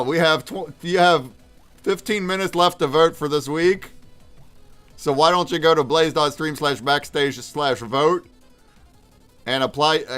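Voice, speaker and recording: Hyped and shouting out chatters by name, a man hosts a casual livestream. He has a slightly bright voice pitched on the high side.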